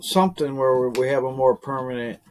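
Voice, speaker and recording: A man's voice: medium pitch, steady tone, moderate pace. A man leading an online team meeting in casual chat, rambling with lots of fillers and chuckling often.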